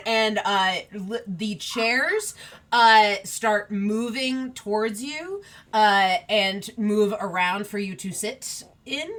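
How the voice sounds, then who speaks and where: A woman narrating a tabletop game as game master, relaxed with many fillers. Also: medium pitch, slow pace.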